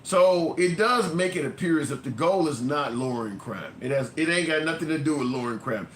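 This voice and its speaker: Animated man ranting in an echoey room. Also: on the high side, brisk, a little hiss or hum. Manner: animated, storytelling, swears freely, voice jumps up when incredulous. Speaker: host of a political call-in stream. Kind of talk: casual political commentary.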